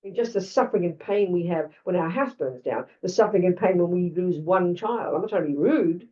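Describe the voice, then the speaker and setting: A woman's voice: on the low side, expressive, a little fast, mellow. Australian woman teacher, blunt and chatty. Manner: blunt, conversational, frequent asides. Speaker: Buddhist teacher. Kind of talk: dharma talk. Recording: lo-fi, distant mic.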